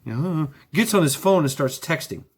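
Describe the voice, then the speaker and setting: A man's voice: a little high, lively intonation, moderate pace, husky. A man vlogging in a sarcastic ranting monologue, repeating himself, swearing freely and firing off rhetorical questions.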